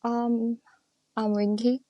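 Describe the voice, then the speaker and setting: A woman's voice: a little high, little pitch movement, slow pace, warm tone, no room sound. A woman from China, calling in and asking careful questions with small grammar slips. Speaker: caller. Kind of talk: casual chat over a live call.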